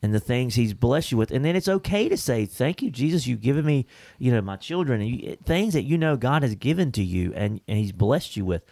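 Lively, emphatic male podcast host. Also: medium pitch, fairly quick, vocal fry, no room sound. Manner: emphatic, preacherly, jokey. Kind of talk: casual faith discussion.

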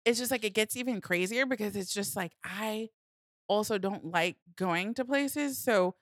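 Woman, candid podcast guest, animated, laughs often, dry close-miked studio sound. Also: mid-range voice, normal speed, no echo. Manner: animated, laughs often, acts out her inner voice. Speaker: guest sharing personal story. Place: studio, seated at a mic. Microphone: close studio mic.

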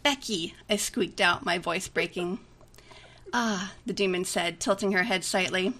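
A woman's voice: lowish voice, steady tone, moderate pace, sharp tone. A woman reading a romantic comedy aloud in a chatty way, giggling often between lines. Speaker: story reader.

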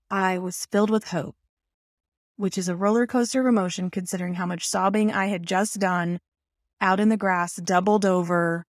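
A woman telling a personal story in an animated, self-mocking way, full of rambling asides. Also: lowish voice, no echo, studio quality.

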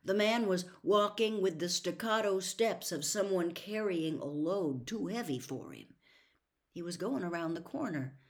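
A woman with a fairly low voice reads a novel aloud. Her delivery is slow, measured and hushed. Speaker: story reader.

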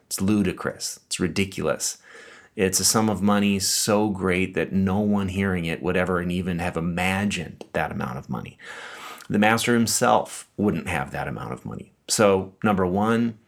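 Low-voiced man preaching conversationally. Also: normal speed, vocal fry. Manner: conversational, explaining with asides. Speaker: pastor. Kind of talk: sermon.

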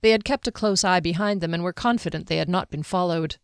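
A woman narrating an audiobook with a steady, even storytelling manner. Her voice sits low. The recording is close and dry. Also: quick pace, clear, resonant tone, no echo.

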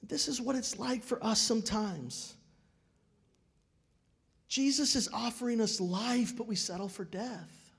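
A middle-aged male pastor preaching a sermon, telling stories with dramatic swings from loud declarations to hushed, quiet moments. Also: very high-pitched, unhurried, vocal fry, pauses often, slightly rough.

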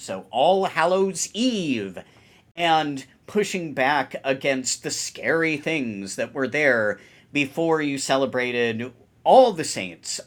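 A man co-hosting a podcast and explaining ideas in a thoughtful, casual way. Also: mid-range voice. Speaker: podcast co-host. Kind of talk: casual chat.

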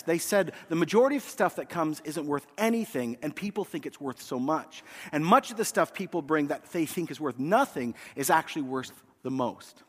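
A man's voice: high voice, fairly bright tone. A man preaching a sermon as pastor, telling a story and acting out the voices of the people in it. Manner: storytelling, acts out quoted voices. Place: church. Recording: reverberant church hall.

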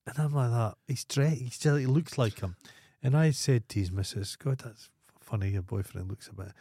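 A man's voice: mid-range voice, moderate pace, dark tone, husky, dry recording, studio quality. A Scottish man co-hosting a podcast, telling rambling, profane anecdotes in casual chat. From Scotland. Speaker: podcast co-host.

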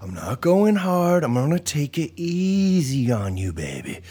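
Man doing a low crooning seducer voice. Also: wildly swooping pitch, dark tone, slightly rough, exaggerated voice. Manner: slow, low, seductive murmur. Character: adult man crooning low and smooth to his old car.

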